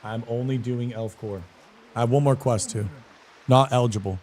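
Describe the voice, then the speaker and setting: A man talking into a desk mic while he plays a game on a live stream. He is animated and slangy, answering his chat as he goes, at an ordinary middle pitch. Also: moderate pace, a little hiss or hum. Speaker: streamer and guild leader.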